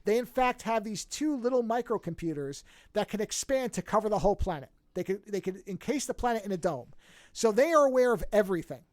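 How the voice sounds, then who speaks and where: Animated podcast host retelling a series. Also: mid-range voice, fairly quick, no room sound, clean studio sound. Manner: animated storytelling, acts out characters' lines; restarts and self-corrections. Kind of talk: casual recap of a TV series.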